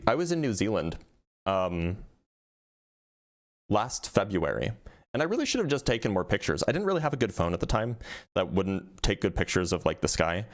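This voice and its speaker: A man hosts a live debate stream in a loose, casual way, full of fillers and restarts. His voice sits a little low. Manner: casual, hesitant, many fillers.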